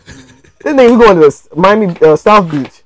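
Man, podcast banter, high lively voice, excitable, rambling. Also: moderate pace, a little hiss or hum, rough recording. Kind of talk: casual banter.

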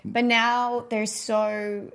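An Australian woman co-hosting a podcast, telling stories in a casual, animated way and laughing often. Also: fairly high pitch, drawn-out words, creaky. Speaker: podcast co-host. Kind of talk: casual chat.

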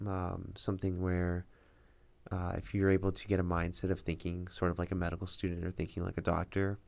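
A young man being interviewed as a guest on a podcast, speaking in a measured, hesitant way with many fillers. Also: sits low, completely flat delivery, vocal fry, a little mellow. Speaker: podcast guest, incoming resident physician. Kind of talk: casual interview talk.

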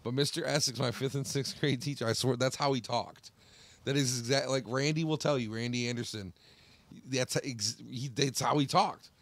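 A man's voice: medium pitch, moderate pace, no room sound. A young man co-hosting a podcast, chatting casually and joking in a rambling way. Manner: rambling, joking, loose with restarts. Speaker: podcast co-host. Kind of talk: casual chat.

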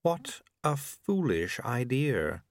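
A man voicing Mister White, a cold, inhuman male auditor who speaks in a flat, deliberate way. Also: medium pitch, no echo, studio quality.

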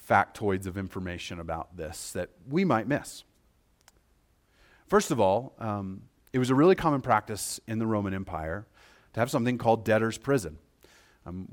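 A man preaching a sermon as pastor, talking conversationally and checking in with his listeners, moving between quiet, slow passages and louder, quicker ones. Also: on the low side.

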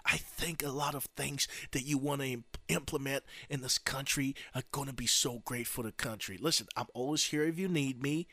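A man's voice: medium pitch, fairly even intonation, moderate pace, hardly any pauses, fairly bright tone, no echo. A man voicing an outgoing male president who rants and swears in anger, then turns fake-friendly on a phone call.

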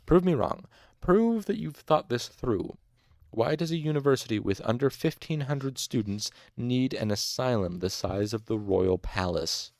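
A man voicing an eccentric male university master who speaks gently to a patient and curtly to a student. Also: medium pitch, expressive, measured pace, no echo, studio quality. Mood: sharp lecturing. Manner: soft and gentle, then curt and lecturing.

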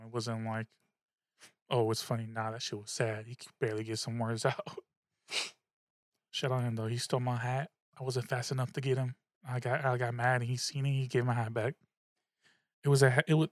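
A man's voice: mid-range voice, no echo, studio quality. A man hosting a casual solo podcast, rambling and swearing in a laid-back way, a little tipsy and slurring slightly. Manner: rambling, profane, laid-back, laughs at himself. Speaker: podcast host.

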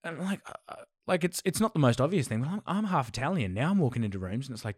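A man's voice: medium pitch, very animated, rapid-fire, hardly any pauses, slightly rough, no room sound, clean studio sound. A young man, an actor talking casually and rambling with many restarts. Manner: rambling, many repeated starts. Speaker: actor guest. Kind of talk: casual conversation.

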